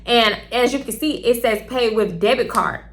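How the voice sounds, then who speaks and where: A young woman, chatty and animated, telling a storytime to camera and talking straight to her viewers. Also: fairly high pitch, normal speed. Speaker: storytime vlogger.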